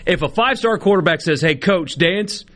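A man's voice: sits high, lively intonation, moderate pace, fairly bright tone. A man co-hosting a sports talk radio show, trading wry, casual banter.

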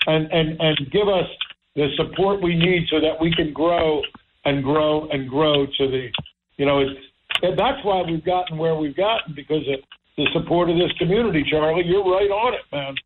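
A man's voice: a little high, moderate pace, phone-quality sound, background noise. A male radio show host in casual talk show chat, enthusiastic and repeating himself as he searches for words.

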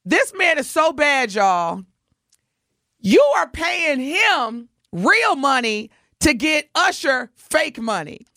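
A woman's voice: sits high, slow, no echo. A woman co-hosts a morning radio show, spinning a story with a voice that swings widely up and down. She slips into the voices of the people she describes. The studio sound is dry and close. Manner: animated, acts out voices while telling a story.

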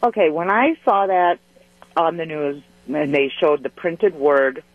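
A man's voice: on the high side, unhurried, dry recording. A male caller on a radio talk show who explains his view earnestly, stumbling and restarting as he talks. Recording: thin, dry phone line.

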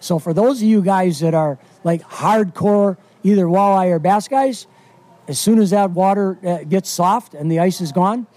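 Folksy high-voiced male fishing guide. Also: warm tone. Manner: enthusiastic, folksy, lots of fillers. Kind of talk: casual radio interview.

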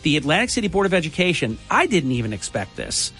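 A man's voice: on the high side, big pitch swings, fast talker, fairly bright tone, faint music behind. A man hosting a morning talk radio show, talking in an emphatic, chatty way.

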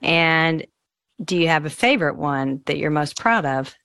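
A woman with a lowish voice hosts a radio interview, encouraging and affirming her guest as she asks questions. The sound is dry and close, like a studio. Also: animated, measured pace, creaky, a bit bright, clear, resonant tone, no echo. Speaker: radio show host. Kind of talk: interview hosting.

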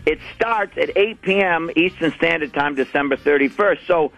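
Middle-aged guy, fairly high voice, rambling wry stories on a call-in. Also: moderate pace, vocal fry, a bit bright, no room sound. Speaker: comedian calling in. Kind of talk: comic storytelling on a phone-in.

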